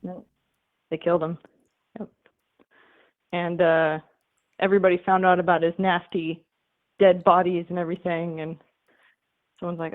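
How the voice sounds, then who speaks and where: This caller to a comedy show is a woman whose low-leaning voice stays level, moving at a moderate pace with long pauses. She retells a fable in a rambling way, peppered with fillers and offhand swearing, and the phone line sounds tinny.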